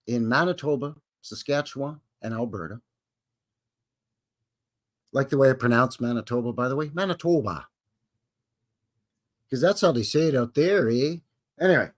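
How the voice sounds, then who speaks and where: Male streamer, casual and jokey, animated lilt, uses folksy cowboy greetings. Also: mid-range voice. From Canada. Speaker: livestream host. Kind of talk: casual live-stream chat.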